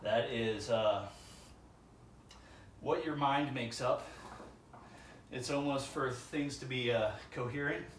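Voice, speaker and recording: A man's voice: mid-range voice, slow pace, pauses often, a little hiss or hum. A man talking casually to the camera during a gym workout, musing aloud between sets. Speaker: vlogger. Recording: echoey gym, far from mic.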